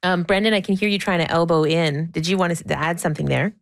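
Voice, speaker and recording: A woman hosting a call-in radio show. She speaks calmly, affirming guests and steering the talk. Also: on the low side, fast, no room sound. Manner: calm, affirming, smoothly steering. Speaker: radio host.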